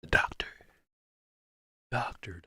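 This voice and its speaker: A man's voice: takes it slowly, sharp tone, no room sound, studio quality. A man hosting a live reaction stream in loose, casual talk, swearing freely and laughing often.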